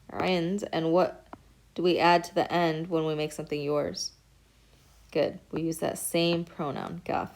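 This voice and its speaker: A woman's voice: lowish voice, a little mellow, a little hiss or hum. A woman teaching a recorded beginner Arabic lesson, explaining patiently step by step and saying each word aloud as an example. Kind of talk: recorded lecture.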